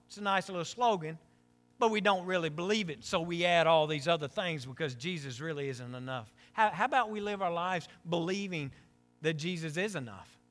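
A man's voice: on the high side, a bit bright. A middle-aged male pastor preaching a conversational sermon with self-deprecating humor and frequent asides.

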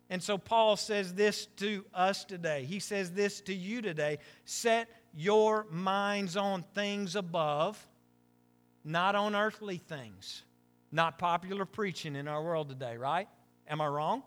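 A man's voice: high-pitched, unhurried, a bit bright, faint music behind. A middle-aged male pastor preaching a conversational sermon with self-deprecating humor and frequent asides.

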